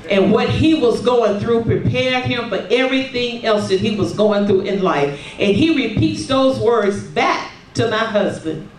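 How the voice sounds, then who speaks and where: A woman preaching a sermon, calling for responses and filling her pauses with hallelujahs and amens. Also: a little high, slight background noise. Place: church sanctuary. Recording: roomy, distant sound from across a sanctuary.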